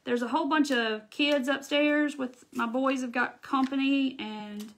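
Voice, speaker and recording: Working away on a live crafting stream, a chatty middle-aged Southern woman with a thick accent answers and thanks viewers for their comments. She speaks in a high, a bit bright voice with fairly even intonation, a little slowly.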